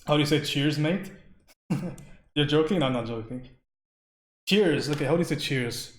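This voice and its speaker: A man's voice: fairly high pitch, normal speed, roomy sound. A man from India chatting casually with his stream viewers while painting. He rambles, laughs often and answers questions from chat.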